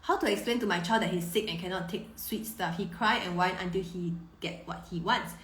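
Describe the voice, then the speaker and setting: A woman's voice: fairly low pitch, fairly quick, a bit bright, slight background noise. Woman parenting coach, roomy sound. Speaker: parenting coach answering viewer questions. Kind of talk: live-stream Q&A. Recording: roomy echo.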